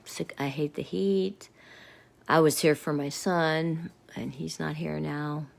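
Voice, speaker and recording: A middle-aged woman rants to her viewers in a low, gravelly voice. She is angry and rambling, and she keeps sinking into muttered whispers. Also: fairly even intonation, takes it slowly. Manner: rambling and agitated, often dropping to a muttered whisper. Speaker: vlogger. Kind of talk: angry personal rant to viewers.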